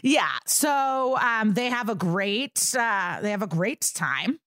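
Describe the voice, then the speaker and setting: A woman's voice: mid-range voice, lively intonation, slow pace, fairly bright tone, no echo, studio quality. A woman co-hosting a podcast, retelling a true-crime case in a casual, profane way with laughs, acting out the people she quotes. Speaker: podcast co-host.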